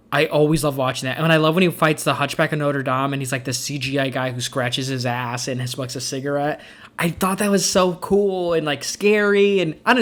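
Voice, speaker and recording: A man's voice: on the high side, a bit bright. A young man in his twenties talking casually about his favorite films, rambling and enthusiastic with lots of fillers. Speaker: film vlogger. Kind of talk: casual movie ranking talk.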